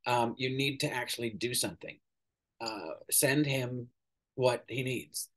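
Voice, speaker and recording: Opinionated man, halting commentary. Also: medium pitch. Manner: opinionated, hesitant with many ums, swears casually. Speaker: podcast host. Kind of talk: casual political commentary.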